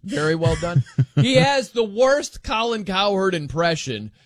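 A male sports talk host rambles through the news in a loose, jokey way, his pitch leaping around. His voice sits a bit high for a man. The sound is dry and close to the mic. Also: very animated, unhurried, no room sound.

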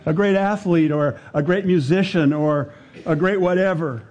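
An older man preaching a sermon, speaking deliberately, repeating his phrases and sinking to a hushed voice to drive a point home. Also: fairly high pitch, muffled recording.

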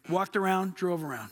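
A man preaching a sermon as pastor, telling stories in a lively way and laughing often. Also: sits high.

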